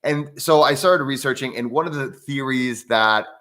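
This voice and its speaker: Brief: American man hosting a live breathwork chat, bright forward tone, loose and rambling delivery, stops to greet viewers. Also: medium pitch, normal speed. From United States. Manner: rambling, with frequent restarts; reads out viewer comments and chats with them. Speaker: breathwork channel host. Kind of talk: casual livestream talk.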